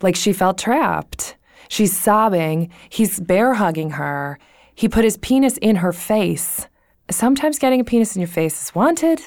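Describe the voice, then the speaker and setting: A woman's voice: medium pitch, animated, measured pace, a little mellow, dry recording, clean studio sound. A young adult woman co-hosting a podcast in casual chat, blunt and profane, retelling a story with plenty of laughter. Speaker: podcast co-host.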